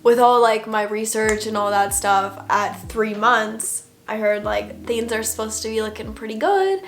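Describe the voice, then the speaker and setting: A young woman talks straight to camera in a casual vlog, her voice sitting a little high. She rambles with lots of fillers and now and then drops into hushed asides. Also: a little slow. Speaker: vlogger.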